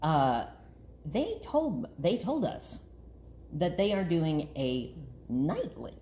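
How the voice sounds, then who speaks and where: A man's voice: a little high, very animated, slow, dark tone. A man hosting a podcast in casual chat, with a playful, grandiose manner and plenty of "uh" fillers. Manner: playful, grandiose self-introduction with frequent fillers. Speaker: podcast host.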